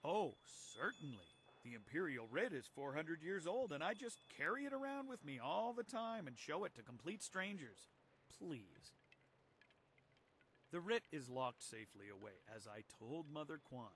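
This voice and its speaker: A man's voice: a little high, big pitch swings, normal speed, a bit bright, a little hiss or hum. An actor playing a pompous, drunken male tea house owner in a video game, smug and sarcastic. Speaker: game character.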